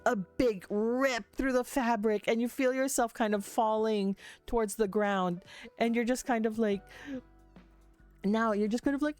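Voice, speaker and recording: A woman narrating a livestreamed tabletop game as game master, meandering and halting with many fillers. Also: a little high, fairly even intonation, a little mellow, smooth, soft background music.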